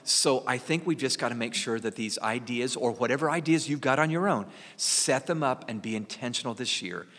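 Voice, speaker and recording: Reflective man in his sixties, bright tone. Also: medium pitch, a little fast, few pauses, long reverb tail. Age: 60s. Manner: earnest, reflective, self-deprecating. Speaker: podcast co-host, parent. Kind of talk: casual conversational podcast chat.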